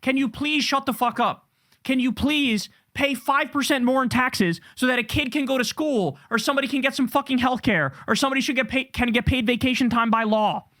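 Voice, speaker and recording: A man's voice: very high voice, brisk, pushed and bright. A man hosting a political show, ranting angrily with heavy swearing. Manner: heated, profane, ranting. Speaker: political commentator host. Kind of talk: angry political rant.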